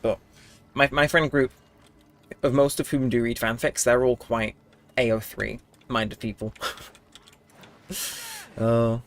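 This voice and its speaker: A man's voice: medium pitch, level tone, takes it slowly, pauses often. A young man with a cold coming on, livestreaming a game and rambling casually to his chat while laughing often. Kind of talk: casual live-stream chat while gaming.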